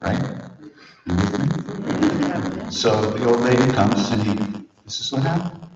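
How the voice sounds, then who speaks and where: A man in his sixties leading a retreat workshop, telling stories in a relaxed, chuckling, conversational way. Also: medium pitch, a little slow. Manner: conversational, chuckling, says "you know" often. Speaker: spiritual teacher leading a workshop. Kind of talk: storytelling workshop talk. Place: large retreat hall. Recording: echoey hall, distant dull mic, faint noise.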